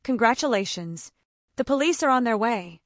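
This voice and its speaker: A composed, protective man with a firm, cool delivery, voiced by a woman narrator. The voice sits a little high and moves lively through its lines, with a dry, close sound. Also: moderate pace, dry recording, natural voice. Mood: threatening. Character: calm protective male executive.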